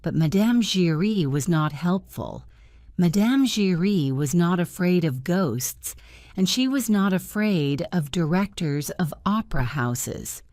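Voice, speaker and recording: Slow, low-pitched woman reading a story. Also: animated, a little mellow, no echo, studio quality. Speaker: narrator. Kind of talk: graded-reader story narration.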